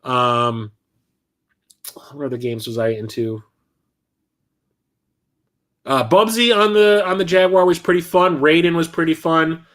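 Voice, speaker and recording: A man's voice: a little high, a little slow, pauses often. A middle-aged man hosting a livestream, telling a rambling anecdote and acting out the people in it. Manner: rambling anecdotes with animated quoted voices. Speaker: livestream host. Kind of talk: casual storytelling on a livestream.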